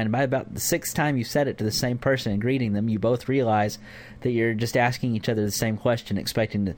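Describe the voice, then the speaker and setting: A man with a medium-pitched voice speaks quickly as he teaches a conversational Bible lesson to a church group. His delivery is informal, full of fillers and acted-out examples.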